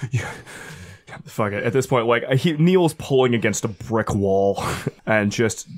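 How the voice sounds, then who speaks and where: A man's voice: medium pitch, expressive, a little slow, dry recording. A man playing a tabletop game, chatting casually, swearing freely and thinking aloud. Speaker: player.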